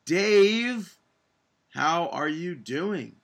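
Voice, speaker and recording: A man's voice: high-pitched, lively intonation, extremely slow, vocal fry, a bit bright. A man hosting a wrestling podcast, chatting casually and upbeat, laughing easily. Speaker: podcast host. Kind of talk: casual chat.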